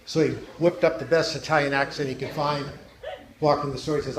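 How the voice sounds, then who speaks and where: A middle-aged man doing stand-up at a church, telling joke stories with deadpan delivery and punchlines that drop low and quiet. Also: fairly quick. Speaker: stand-up comedian. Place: church hall. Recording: echoey hall, faint noise.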